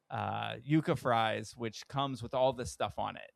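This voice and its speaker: A man's voice: unhurried, vocal fry, few pauses, no room sound. A man co-hosting a podcast who tells a story in casual chat, acting out the people he quotes with sudden jumps in his voice. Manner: animated storyteller, acts out quoted people with big pitch jumps. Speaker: podcast co-host.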